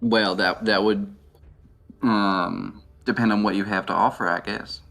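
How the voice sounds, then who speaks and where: A man at a tabletop game, speaking in a low, gravelly voice full of hesitation. He talks slowly, with soft music in the background. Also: steady tone. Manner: hesitant, stumbling. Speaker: player. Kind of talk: in-character tabletop play.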